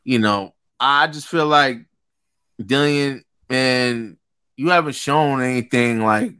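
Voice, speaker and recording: Bright, smooth-voiced man talking candidly. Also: mid-range voice, slow pace. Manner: candid, laid-back, reasoning. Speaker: co-host. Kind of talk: casual live-show chat.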